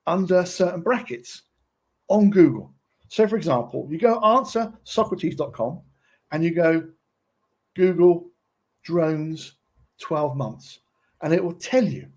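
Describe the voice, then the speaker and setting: A man's voice: sits high, a little mellow, breathy edge. A man presenting a casual tutorial, chatty and often checking in with his listeners.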